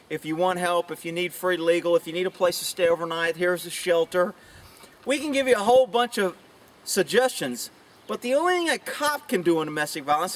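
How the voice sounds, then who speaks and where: A middle-aged man who is a police officer, talking bluntly and opinionatedly to camera outdoors, with rambling asides. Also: fairly bright tone. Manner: puts on high mocking voices for quoted women. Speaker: police officer sharing views. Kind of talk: casual monologue to camera. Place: outdoors with chickens nearby. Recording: voice somewhat far from mic.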